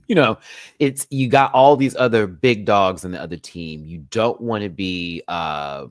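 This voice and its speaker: A man hosting a casual live review, campy and sassy, laughing often and swinging his pitch wildly. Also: unhurried, no echo, clean studio sound. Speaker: show host, reality TV reviewer.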